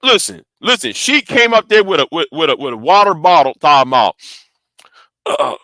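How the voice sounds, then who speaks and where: Bright-voiced man, stammering and profane. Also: fairly high pitch, sing-song, moderate pace, no room sound. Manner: rambling, profane, stammering repeats. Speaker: vlogger. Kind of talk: casual storytelling to camera.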